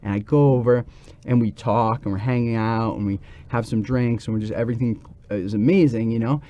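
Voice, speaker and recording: A man, a podcast guest, telling a personal story in lively fashion and acting out the voices he quotes. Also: medium pitch, a little fast, lo-fi sound.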